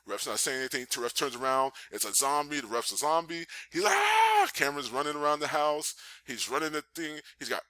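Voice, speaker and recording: A man casually recapping a wrestling show, animatedly acting out scenes with high yelps. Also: fast, few pauses, bright, forceful tone, no echo. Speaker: podcast host reviewing wrestling.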